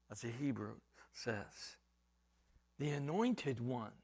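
A man preaching an expository sermon, emphatic and repeating himself, dropping at times to a hushed near-whisper. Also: high-pitched, expressive, takes it slowly. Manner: repeats and restarts words while reaching for a point.

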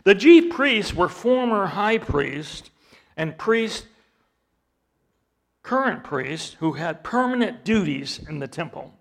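A man preaches an expository sermon in a high-pitched, creaky, sing-song voice. He reads scripture aloud dramatically and explains it slowly and deliberately, his intensity climbing as he continues.

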